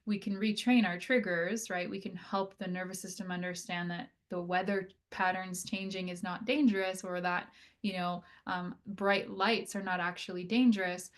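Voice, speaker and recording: A woman occupational therapist giving an educational lecture on breathing, talking conversationally with frequent fillers like "right?" and "like", and slowing down to demonstrate calm breathing. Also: lowish voice.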